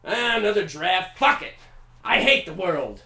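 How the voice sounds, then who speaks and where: A man's voice: on the high side, sing-song, slow. A man putting on the voice of an angry, brooding male composer who grumbles and swears. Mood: frustrated. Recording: roomy echo.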